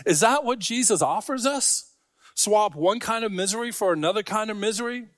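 A man's voice: sits high, normal speed, fairly bright tone, no echo, clean studio sound. A man preaching a sermon to a congregation, talking in a conversational way with joking asides. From Scarborough. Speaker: pastor.

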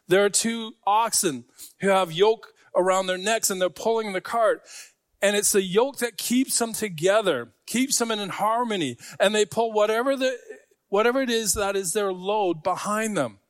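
A man's voice: sits high, normal speed, no room sound, clean studio sound. A man preaching a sermon to a congregation, talking in a conversational way with joking asides. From Scarborough. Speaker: pastor.

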